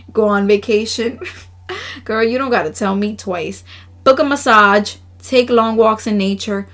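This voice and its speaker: Female podcast host, mid-pitched, chatty and emotional, laughs between card readings. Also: fairly bright tone. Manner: chatty, laughs often, slangy asides; earnest, emotional. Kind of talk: casual solo podcast, reading oracle cards.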